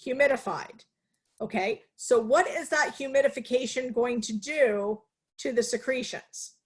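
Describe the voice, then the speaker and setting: A woman with a fairly high voice teaches nursing students in a live online class over a video call. She talks with energy, puts questions to the class and then answers them herself. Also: unhurried, breathy edge. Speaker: nursing instructor.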